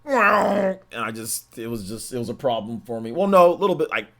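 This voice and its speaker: A man with a deep voice, hosting a gaming livestream in a laid-back, slangy, rambling way. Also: very animated, normal speed, fairly bright tone. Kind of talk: casual livestream chat.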